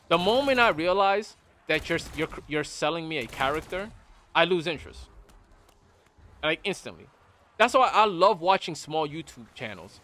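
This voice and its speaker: A man's voice: a little high, a little hiss or hum. A man streaming a game, giving his blunt opinions in casual chat and often repeating himself. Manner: blunt, animated, repeats phrases. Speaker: gaming streamer. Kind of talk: casual opinion talk while gaming.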